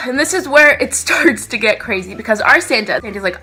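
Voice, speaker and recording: Bright-voiced young woman telling a story. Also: fairly high pitch, moderate pace, faint music behind. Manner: animated, dramatic retelling. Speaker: vlogger. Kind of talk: storytime vlog.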